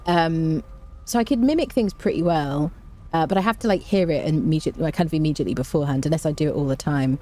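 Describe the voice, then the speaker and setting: A woman's voice: low voice, fast, dark tone. A woman chatting casually on a game stream, reading viewer messages aloud and laughing often. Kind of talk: casual live-stream chat while gaming.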